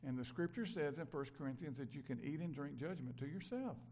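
An older pastor preaches in a loose, conversational way. His voice sits a little high, and he moves from loud, stressed points to quiet asides. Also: lively intonation, brisk. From Mississippi, USA. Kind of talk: sermon.

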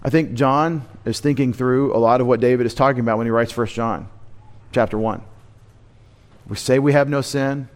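A male pastor speaks in a mid-range voice with fairly even intonation as he works line by line through a text in an expository sermon in a church sanctuary. He teaches by asking his listeners questions and answering them, stressing key words through intentional repetition.

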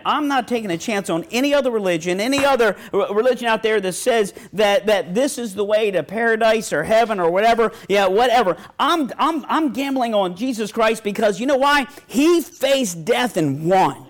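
A man's voice: sits high, animated, moderate pace, hardly any pauses. A middle-aged male pastor preaching a sermon in a folksy storytelling way, quoting scripture and restarting phrases.

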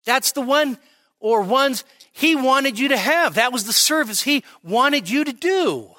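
High-voiced, unhurried male preacher. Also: expressive, bright, forceful tone. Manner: conversational teaching, frequent "okay?" and "all right?" checks; emphatic, slowing to stress key phrases. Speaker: pastor. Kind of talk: expository sermon. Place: church midweek service.

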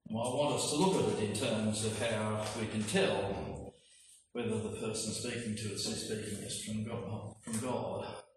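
A man preaching a sermon, emphatic and full of rhetorical questions, with slow, stressed phrases. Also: fairly low pitch. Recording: echoey hall from far off, faint noise.

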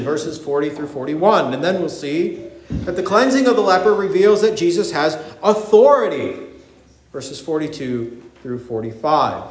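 High-voiced man preaching in echoey church. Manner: animated preaching, acting out voices in the story. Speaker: pastor. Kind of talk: sermon. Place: church sanctuary.

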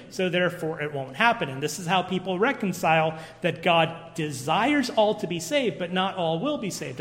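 A man preaching an expository sermon, earnest and emphatic, posing rhetorical questions to his congregation in a church. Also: sits high. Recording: long reverb of a large hall.

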